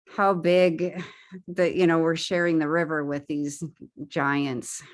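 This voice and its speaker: Low-voiced woman giving a casual slideshow talk. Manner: chatty, with frequent fillers and restarts while pointing at pictures. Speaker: guest speaker at a paddling club.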